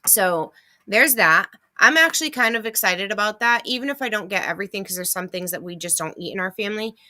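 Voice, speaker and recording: A middle-aged woman with a bright, forward voice talks casually on a livestream. She rambles through a list of deals in a chatty way and stops to answer viewers. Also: medium pitch, fast talker. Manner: chatty, reads off items and answers comments. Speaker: host of a couponing livestream.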